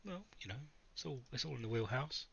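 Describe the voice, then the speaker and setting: A man's voice: medium pitch, lively intonation, fairly quick, vocal fry, a bit bright, lo-fi sound, a little hiss or hum. A man playing a tabletop game who jokes and swears casually. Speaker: player.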